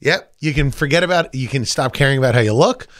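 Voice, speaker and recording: A man's voice: mid-range voice, quick pace, no room sound, clean studio sound. A middle-aged man co-hosting a podcast, joking and chatting casually in a wry way. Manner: wry, joking, animated delivery. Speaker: podcast co-host. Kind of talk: casual podcast chat and live-read ads.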